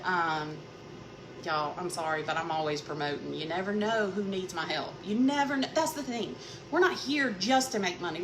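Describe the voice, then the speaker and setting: A woman, chatting casually with viewers while she cooks, telling stories and greeting people by name. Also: fairly low pitch. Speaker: cooking vlogger. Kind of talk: casual live-stream chat while cooking. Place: home kitchen. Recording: noisy background.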